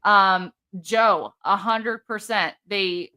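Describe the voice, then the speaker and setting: A woman hosting a live true-crime stream, animated and chatty. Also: mid-range voice, very slow. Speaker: host.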